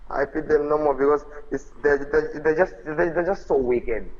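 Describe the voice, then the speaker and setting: A man's voice: a little high, normal speed, crowd noise. Fervent man on a muffled live stream. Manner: emphatic, repetitive, fervent. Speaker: host of a religious live stream. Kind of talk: casual preaching chat.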